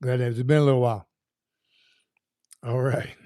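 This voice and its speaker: A man's voice: mid-range voice, level tone, normal speed, mellow, clear, resonant tone, no room sound, studio quality. A man hosting a casual livestream, greeting viewers by name in an upbeat, folksy, rambling way. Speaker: livestream host.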